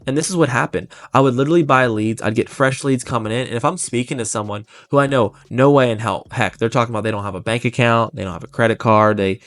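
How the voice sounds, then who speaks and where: A man coaching life insurance agents in a blunt, intense, motivational way, talking in quick bursts. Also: mid-range voice, a bit bright, no echo. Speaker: life insurance sales trainer. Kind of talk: motivational sales coaching talk.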